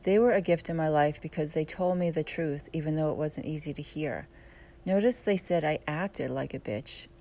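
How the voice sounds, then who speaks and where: A woman and yoga teacher narrating her own audiobook in a calm, reflective and candid way. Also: low voice, gravelly.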